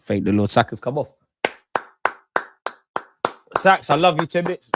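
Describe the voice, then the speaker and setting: A man hosting a live football watchalong, reacting excitedly, swearing and talking to his chat and the players. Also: on the high side, normal speed, long pauses, background noise.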